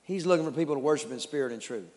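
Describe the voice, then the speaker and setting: A man from East Texas with an East Texas accent preaching a sermon as pastor, telling stories with animated, stammering restarts. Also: on the high side, racing, in a large hall. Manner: animated storytelling with repeated restarts.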